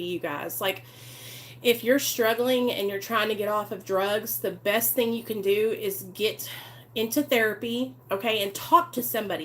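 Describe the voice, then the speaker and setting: A woman's voice: a little high, fairly bright tone. A woman hosting a live recovery stream, talking earnestly and chattily to her viewers and greeting them by name. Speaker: recovery channel host. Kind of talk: casual live-stream talk.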